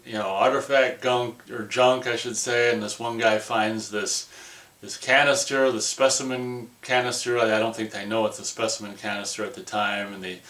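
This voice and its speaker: A man reviewing a movie in a casual, rambling way, excitable and full of "like" and "you know". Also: on the low side, moderate pace, roomy sound.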